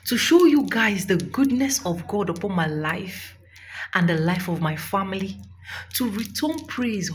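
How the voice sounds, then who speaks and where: A woman's voice: mid-range voice, slight background noise. A young Nigerian woman vlogging a fervent, preachy testimony of thanks, close to tears. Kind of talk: emotional testimony vlog.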